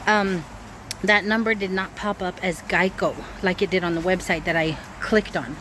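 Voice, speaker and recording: Woman vlogger, worried and talkative, shot on a phone outside with clear background noise. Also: fairly low pitch, fairly even intonation, normal speed, bright, forceful tone, low-quality recording. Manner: anxious, chatty storytelling. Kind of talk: casual vlog talking to camera. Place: outdoors by a grill. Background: wind and outdoor ambience.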